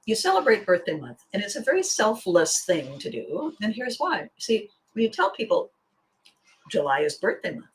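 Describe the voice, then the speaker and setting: Woman, host, motivational monologue, expressive storytelling, mid-range voice. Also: mid-range voice, normal speed, low-quality recording. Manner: animated storyteller who acts out quoted voices. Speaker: podcast host and life coach.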